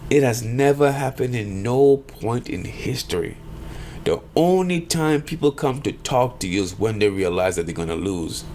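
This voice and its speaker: A middle-aged man giving rambling, animated opinion commentary on his vlog, acting out the voices he quotes. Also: medium pitch, normal speed, a little hiss or hum. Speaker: vlogger.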